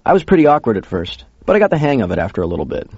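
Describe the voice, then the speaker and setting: A man's voice: medium pitch, very animated, racing, a little mellow, slightly rough, no room sound. A man narrating a first-person story in a casual, conversational way. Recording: dull lo-fi recording.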